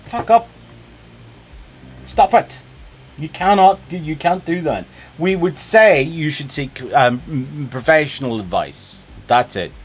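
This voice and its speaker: A man's voice: on the high side, unhurried, husky. A man streaming a game, talking casually and jumping between topics with chat. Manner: animated, chatty, jumps between topics.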